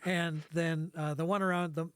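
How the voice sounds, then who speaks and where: GM, man, fairly high voice, dry close sound, muses aloud while describing scenes. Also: little pitch movement, a bit bright, clean tone, no room sound. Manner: thinking aloud with pauses and restarts. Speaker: game master. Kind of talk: describing scenes in a tabletop game.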